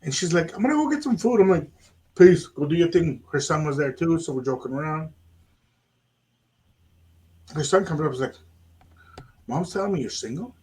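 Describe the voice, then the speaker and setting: Animated man telling a story. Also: on the high side, normal speed, long pauses. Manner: animated, acts out quoted dialogue. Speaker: radio show host. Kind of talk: casual storytelling chat.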